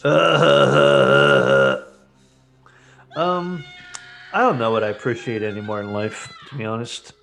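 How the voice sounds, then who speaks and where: A man's voice: fairly low pitch, animated, a little fast, fairly bright tone, soft background music. Rambling, profane man riffing on a movie. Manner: rambling, profane, joking, with restarts. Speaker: movie-watching co-host. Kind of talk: casual movie-riff chat.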